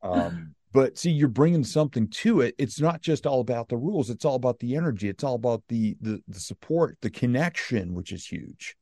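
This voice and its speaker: A man's voice: medium pitch, sing-song, brisk, hardly any pauses, warm tone, no room sound, clean studio sound. A man hosting an interview in an encouraging, folksy way. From United States. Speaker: podcast host. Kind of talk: interview chat.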